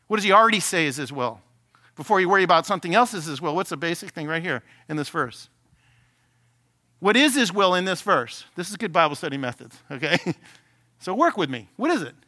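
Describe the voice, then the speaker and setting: Bright-voiced man preaching a sermon. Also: high-pitched. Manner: conversational preaching, acts out prayers and objections; asks the congregation questions. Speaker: senior pastor.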